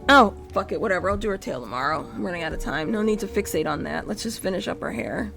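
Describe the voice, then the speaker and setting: A woman's voice: medium pitch, lively intonation, fast talker, vocal fry, fairly bright tone, faint music behind. A young adult woman streaming live, chatting casually and rambling while she draws, with frequent self-interruptions and casual swearing.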